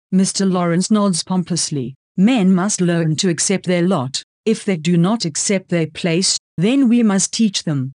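A narrator reading a story aloud in an even, measured first-person style. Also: mid-range voice, dry recording, studio quality. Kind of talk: scripted audiobook narration.

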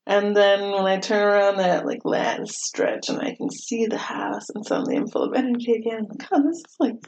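A woman's voice: medium pitch, little pitch movement, normal speed, vocal fry, a little mellow, slight background noise. Chatty self-deprecating woman podcaster. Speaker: podcast host. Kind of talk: casual podcast monologue. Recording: slightly dull lo-fi audio.

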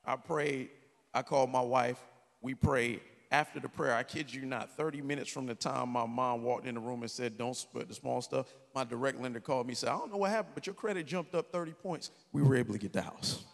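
A man preaching a sermon as a story, swinging from quiet talk to shouted peaks. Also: medium pitch, a little fast, creaky. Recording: long hall reverb.

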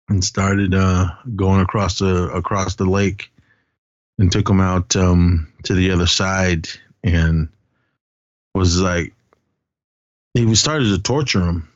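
A man's voice: deep voice, dry recording, lo-fi sound. A man co-hosting a podcast, casually retelling a movie plot with quoted lines. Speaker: podcast co-host.

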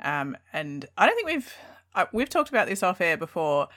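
A woman's voice: on the low side, sing-song, moderate pace, fairly bright tone. A woman, hosting a casual podcast and telling stories with frequent giggles. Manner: chatty, giggly, storytelling. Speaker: podcast host.

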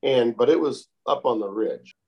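A man calmly telling a long outdoor story in a casual interview, with many repeated "I said" tags. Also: medium pitch, lo-fi sound. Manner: calm, unhurried, repeats "I said" often.

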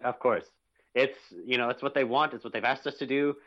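A man's voice: medium pitch, a little fast. Guy co-hosting a podcast, jokey and chill, sound's kinda dull and lo-fi. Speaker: podcast co-host. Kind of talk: casual chat.

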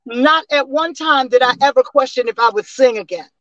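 A woman in her sixties, a singer and interview guest, telling stories in a lively way with laughs and restarts over a remote call. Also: sits high, normal speed, dry recording, lo-fi sound. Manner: animated storyteller with frequent laughs and restarts. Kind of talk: casual interview storytelling.

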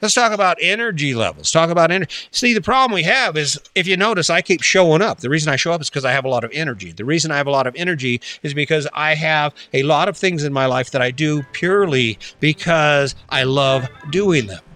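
A man's voice: on the high side, lively intonation, fast talker, hardly any pauses, pushed and bright, no echo. A man giving a casual motivational talk, blunt and full of rhetorical questions, with some swearing and mocking quoted voices.

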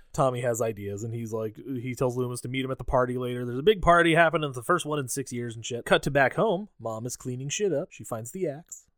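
A man's voice: mid-range voice, quick pace, hardly any pauses, a bit bright, dry recording, studio quality. A man co-hosting a podcast, recapping a movie in casual, profane, joking chat and acting out characters' lines. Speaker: podcast co-host.

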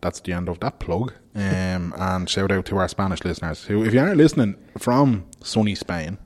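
A man with a Dublin accent hosting a podcast, making wry, deadpan asides. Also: low voice, moderate pace. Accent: Irish, Dublin. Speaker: podcast host. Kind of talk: casual chat.

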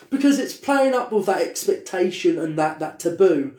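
A man co-hosting a casual podcast, animated and sweary, telling stories with lots of put-on voices. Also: sits high, brisk, hardly any pauses. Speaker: podcast co-host. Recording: echoey room.

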